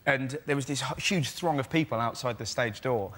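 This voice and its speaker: A man on a comedy panel show telling a story with excitable energy and shouted bits of quoted dialogue. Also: medium pitch, normal speed. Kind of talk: comic anecdote on a panel show. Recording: noisy broadcast with loud audience. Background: studio audience laughter.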